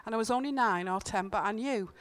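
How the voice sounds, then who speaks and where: A fast-talking woman with a mid-range voice preaches informally in church. She's earnest and conversational, weaving in personal stories and emphatically repeating her key points.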